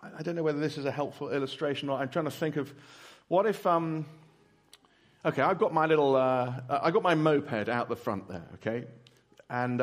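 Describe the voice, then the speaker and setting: A man preaching earnestly, pleading with listeners, then leading a slow prayer and answering a question. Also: fairly high pitch. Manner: earnest, pleading, with soft drops and emphatic rises. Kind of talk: sermon with prayer and Q&A.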